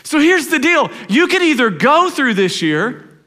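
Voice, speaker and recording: A pastor preaches with a high, bright voice. He builds to emphatic, repeated exhortations, then drops to a soft, low register. His delivery is that of a seasoned sermon. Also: very animated, unhurried. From Tennessee.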